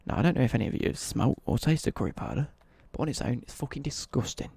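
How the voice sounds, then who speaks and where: Young English male streamer, dark husky gravel, casual rambling anecdote, swears freely. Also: medium pitch, quick pace, dry recording. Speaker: livestreamer. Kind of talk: casual storytelling on a livestream.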